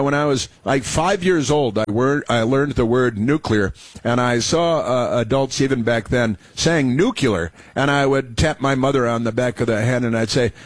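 Rambling middle-aged radio talk host. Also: male voice, mid-range voice, dry recording. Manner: rambling, chatty, many restarts and fillers.

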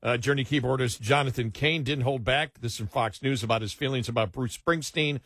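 A man's voice: medium pitch, a bit bright, dry recording, studio quality. Chuckling older male radio co-host. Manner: chuckling, halting with many fillers. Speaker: radio talk show co-host. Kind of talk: casual radio chat. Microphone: studio mic.

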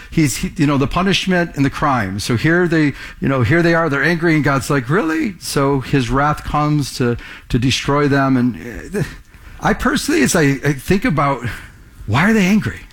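A middle-aged male pastor preaching a conversational sermon, asking the congregation questions and restarting his sentences often. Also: on the high side.

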